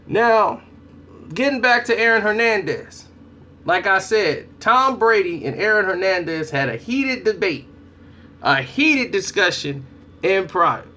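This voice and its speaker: Animated man vlogging, bright voice. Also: sits high, measured pace. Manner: animated storytelling, acts out reactions. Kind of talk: casual commentary.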